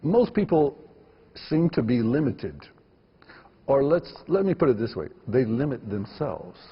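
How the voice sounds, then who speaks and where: A man's voice: mid-range voice, very animated, unhurried, breathy edge, long reverb tail, lo-fi sound. A man, a filmmaker guest, answering interview questions emphatically and repeating words for stress.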